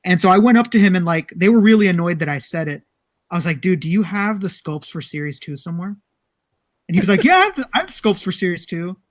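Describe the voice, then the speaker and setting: A man's voice: sits high, sing-song, fast talker. A young man co-hosting a casual podcast, telling rambling stories and swearing freely. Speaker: podcast co-host.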